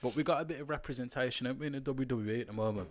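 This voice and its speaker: A young man with a Birmingham accent, co-hosting a podcast in quick, slangy, laughing chat. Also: medium pitch. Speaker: podcast co-host. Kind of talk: casual chat.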